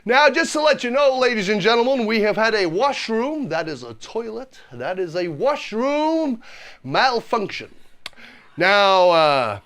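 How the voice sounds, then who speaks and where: A Scottish man doing a drawling, halting bus driver making announcements. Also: sits high, big pitch swings, fairly bright tone, exaggerated voice.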